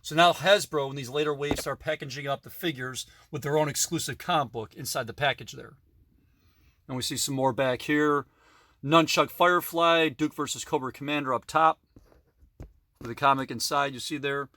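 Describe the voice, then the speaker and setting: A man's voice: a little high, normal speed, bright, forceful tone. A middle-aged man casually narrating a tour of his collection in a basement, with frequent fillers and self-corrections. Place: basement room.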